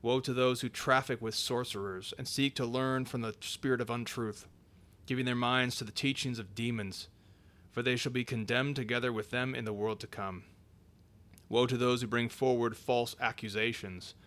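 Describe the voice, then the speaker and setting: A man reading an old sermon aloud in a measured, solemn way, dropping his voice for each scripture citation. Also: medium pitch, fairly even intonation, a bit bright. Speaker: reader.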